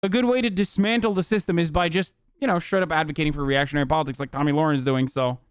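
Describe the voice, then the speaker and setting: A man's voice: a little high, steady tone, fast talker, smooth, dry recording. Profane, sarcastic male streamer. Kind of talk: heated reaction commentary.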